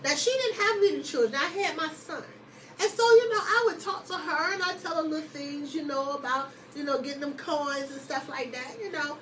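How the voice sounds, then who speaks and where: A woman host casually telling a personal story to her listeners, lively and chatty, often laughing and calling them y'all. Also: sits high, brisk, distant mic, slight background noise, rough recording.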